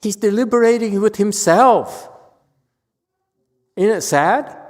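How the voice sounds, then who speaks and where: A man's voice: high-pitched, slow, a little mellow. A man giving a Buddhist dharma lecture, blunt and scolding, often checking whether listeners understand. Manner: blunt, scolding, repeats questions to the audience. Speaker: Buddhist monk teacher. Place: temple lecture hall. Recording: long hall reverb.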